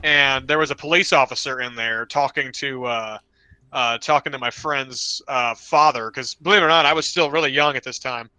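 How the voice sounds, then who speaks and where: A young man on a podcast telling rambling, animated stories, now and then slipping into loud voices for his friends. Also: mid-range voice, moderate pace, smooth, dry recording. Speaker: podcast co-host. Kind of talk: casual storytelling chat.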